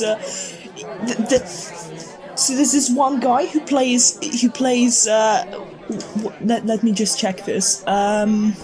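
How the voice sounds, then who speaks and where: A woman's voice: a little high, a little mellow. A young woman playing a scatterbrained theatregoer in a comic sketch, rambling and tripping over her words.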